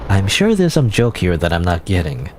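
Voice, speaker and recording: A man reading the lines of a wary young man in his own deep voice. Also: huge pitch swings, normal speed, darkish tone, a little hiss or hum. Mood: puzzled.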